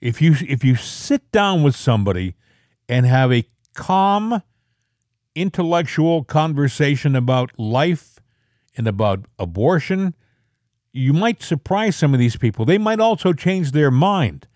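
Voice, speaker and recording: A man's voice: big pitch swings, a little slow, a little mellow, dry recording, studio quality. A man co-hosting a political talk show, giving emphatic opinions in a casual chat style. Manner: opinionated, emphatic, pushes pitch up when stressing a point. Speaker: co-host.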